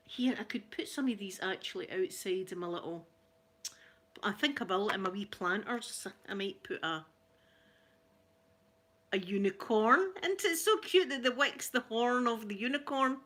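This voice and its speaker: A Scottish woman chatting through a gift unboxing at home, gushing and laughing easily, slipping between soft near-whispers and excited exclamations. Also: mid-range voice, normal speed. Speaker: ASMR vlogger. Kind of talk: casual unboxing chat.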